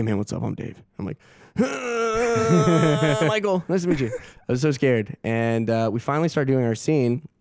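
Young male guest, mid-pitch, smooth voice, laughs through a story, does quick impressions. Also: no room sound, studio quality. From Augusta. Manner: animated, laughing, acts out quotes. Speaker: guest actor. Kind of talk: casual storytelling.

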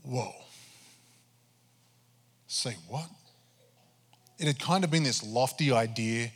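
Man pastor, mid-pitched, animated sermon storyteller, church reverb. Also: takes it slowly, breathy edge. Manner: animated storytelling, acting out his own prayers. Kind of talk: sermon testimony.

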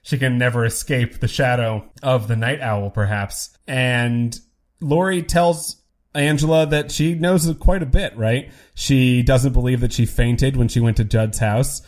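A man's voice: medium pitch, unhurried, darkish tone. A young man co-hosting a podcast, recapping a TV episode in casual chat, musing and trailing off mid-sentence. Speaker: podcast co-host.

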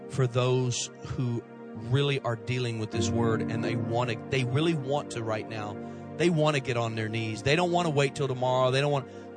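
Impassioned male pastor preaching. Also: mid-range voice. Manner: impassioned preaching, soft and pleading at the close. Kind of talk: sermon. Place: church sanctuary.

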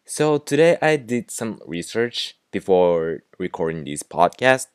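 A young man with a Japanese accent hosting a casual podcast, explaining slang with relaxed fillers and self-corrections. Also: low-pitched, measured pace, clear, resonant tone, no room sound, clean studio sound. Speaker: podcast host teaching slang.

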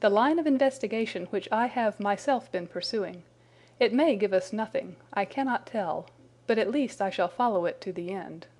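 Woman reading a sharp confident victorian detective, precise and crisp, storybook read. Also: mid-range voice, lively intonation, moderate pace, natural voice.

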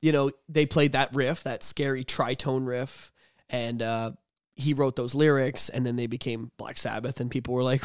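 A man's voice: mid-range voice, fairly even intonation, moderate pace, clean tone, dry recording. Casting: male podcast host, loose storyteller, salty language, dry close-miked sound, mid-range voice. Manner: rambling, profane, laughs often. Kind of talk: casual storytelling chat.

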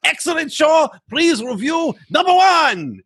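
A man putting on a high, shouty voice as a mock dictator calling in to a podcast. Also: very animated, moderate pace, exaggerated voice. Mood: mock boastful. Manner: shouty, high-pitched put-on voice.

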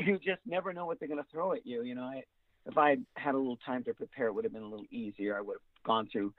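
A man's voice: medium pitch, quick pace, no echo. A man, a voice actor guest, talking casually in an interview, rambling with many fillers and restarts. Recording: tinny dry phone line.

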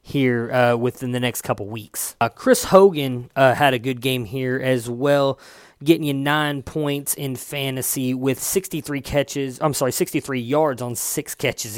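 This fantasy football host, a young man, speaks at a moderate pace with a medium pitch, in a clean studio recording with no room sound. It's casual sports chat, chatty and loose, dotted with occasional swearing and self-corrections over stats.

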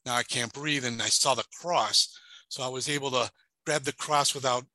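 A middle-aged man recounting his own experience as an interview guest. His voice is strikingly bright and tense, recorded dry and close with no room sound. He stumbles, repeats words and restarts sentences as he talks. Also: medium pitch, fairly even intonation, normal speed, no echo, poor audio. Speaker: paranormal investigator, podcast guest. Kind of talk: telling a personal story in an interview.

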